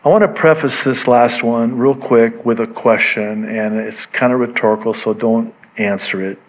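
Animated man preaching, lo-fi sound. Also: moderate pace. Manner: animated, acts out quoted voices with sudden pitch jumps; conversational, self-interrupting with asides. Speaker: pastor. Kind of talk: sermon.

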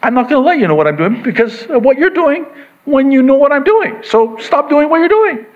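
Exasperated, scolding God, as a preacher puts him on. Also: male voice, very high voice, very animated, moderate pace, highs cut off, pitched above the performer's own voice, exaggerated voice. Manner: insistent, scolding. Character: exasperated God, male, firm and impatient.

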